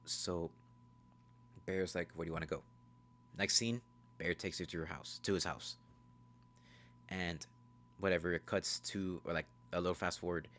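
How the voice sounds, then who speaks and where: A man giving a casual, rambling, profane recap of a movie, telling the story fast. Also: sits low, steady tone, a bit bright, a little hiss or hum. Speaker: movie reviewer.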